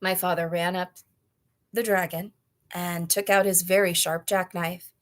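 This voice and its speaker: A woman reading a children's novel aloud, with clear, expressive storytelling. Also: lowish voice, a little slow. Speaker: storybook reader.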